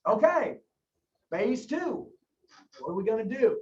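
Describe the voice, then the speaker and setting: A man's voice: high voice, very animated, a little mellow. Emphatic male sales trainer in a roomy space. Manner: fast, emphatic, coaching, repeats key phrases. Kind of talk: energetic sales training talk with role-played customer dialogue. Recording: roomy, distant, slightly dull sound.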